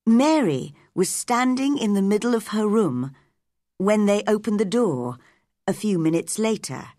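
A woman reads a story aloud at a very slow, deliberate pace for English learners. Her voice rises and falls in a lively way. The recording is close and dry. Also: medium pitch, dry recording. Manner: clear, deliberate. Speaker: narrator.

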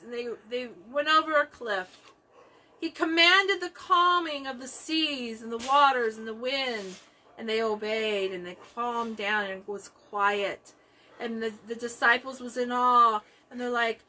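Slow, bright-voiced woman teaching scripture. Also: high voice. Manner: emphatic, repeats key phrases. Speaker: Bible study teacher. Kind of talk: Bible study teaching.

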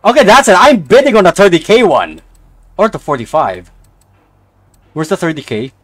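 A young man streams a racing game in loose, casual commentary. His voice sits high and is very lively, sliding from quiet muttering to sudden excited outbursts. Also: normal speed. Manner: excitable, swings from mumbling to outbursts.

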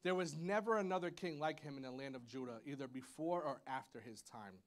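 A man preaching a casual, playful sermon to a church congregation, chatty and full of "y'all" and "like", with a church sanctuary around him. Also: fairly quick. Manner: chatty and playful, lots of "y'all" and "like", with high playful sound effects. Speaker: pastor.

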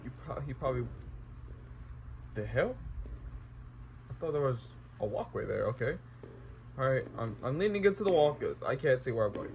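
A man's voice: mid-range voice, expressive, moderate pace, long pauses, dull audio, a little hiss or hum. A young man commentating a horror game let's play, talking to himself and exclaiming at scares. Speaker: gaming YouTuber.

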